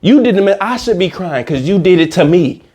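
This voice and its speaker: A man ranting in a comedic reaction commentary, animated, slangy and profane. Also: high voice, moderate pace, husky.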